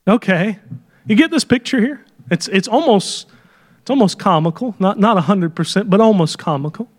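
A man's voice: high-pitched, expressive, normal speed. A man preaching a sermon with fervor, sometimes dropping into folksy asides. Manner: fervent, acts out quoted prayers.

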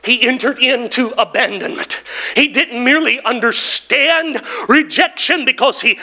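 A man preaching a sermon in church, building to shouts and drawn-out, emphatic phrases broken by "oh" and "hallelujah". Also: extremely high pitch. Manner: drawn-out emphatic delivery with interjected "oh" and "woo, hallelujah". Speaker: pastor.

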